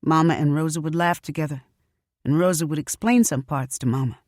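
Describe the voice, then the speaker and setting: A woman narrating a story audiobook in an expressive first-person telling. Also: sits low, a little fast, no room sound, clean studio sound.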